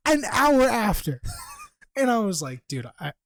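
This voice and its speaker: A man's voice: very high-pitched, unhurried, dry recording. A young man co-hosting a podcast, telling a story in casual chat, swearing freely and acting out what others said. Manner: animated, profane, acts out quotes. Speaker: podcast co-host.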